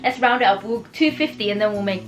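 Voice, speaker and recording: A young woman in a casual reading vlog at home, chatting with animated, exasperated energy and laughing between thoughts. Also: medium pitch, quick pace. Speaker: book vlogger. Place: home room in the evening. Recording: voice a bit far from mic with music.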